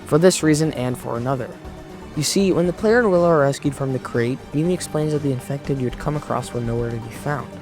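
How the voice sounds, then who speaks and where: Man narrating a video essay. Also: mid-range voice. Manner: measured, explanatory. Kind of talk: scripted narration. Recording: voice-over with faint background music.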